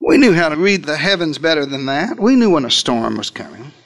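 High-voiced theatrical male preacher. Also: animated, brisk, fairly bright tone. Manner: theatrical, with wide swings in pitch and pace. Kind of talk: dramatic first-person sermon storytelling.

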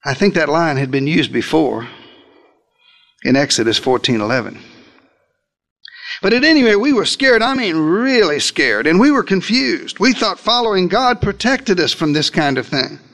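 A man's voice: animated, normal speed, a bit bright. A man preaching a sermon as a dramatic first-person retelling, theatrical, with dry humorous asides. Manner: theatrical, with wide swings in pitch and pace.

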